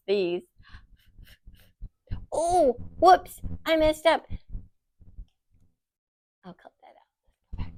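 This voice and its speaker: Slow, lively woman teaching phonics. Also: mid-range voice, dry recording. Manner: slow, sing-song, encouraging, sounding out letters. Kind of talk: children's phonics lesson.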